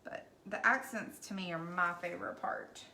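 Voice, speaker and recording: A woman's voice: fairly low pitch, fairly even intonation, moderate pace, gravelly, bright, forceful tone. A woman hosting a casual live painting stream, bubbly and chatty with viewers, recorded at home on a device mic at a distance. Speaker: craft painter hosting a livestream. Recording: echoey room with faint noise.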